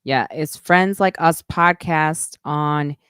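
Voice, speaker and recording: A middle-aged woman hosts a live podcast stream in a chatty, loose way and swears now and then. Her voice sits low and sounds smooth and clear. The sound is dry and close. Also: slow pace, a bit bright, dry recording. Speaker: podcast host. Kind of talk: casual live-stream chat.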